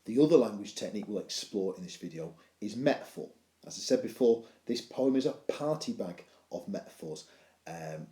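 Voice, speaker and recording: A man's voice: fairly low pitch, warm tone. Joking male teacher in a roomy space. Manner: playful, self-mocking humour. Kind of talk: video lesson, poetry analysis.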